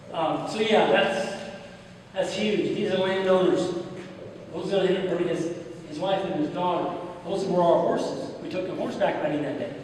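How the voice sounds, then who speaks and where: A man's voice: high voice, slight background noise. A man with a Midwestern American accent giving a folksy, plain-spoken conference talk, telling stories with quoted back-and-forth. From United States. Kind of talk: conference talk with audience questions. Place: large hall. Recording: roomy hall, speaker heard from a distance.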